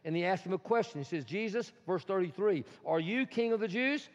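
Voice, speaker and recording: A man preaching a sermon as a pastor, swinging between loud and hushed delivery and acting out quotes. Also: high voice, animated, a little fast. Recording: dull sound in a reverberant hall.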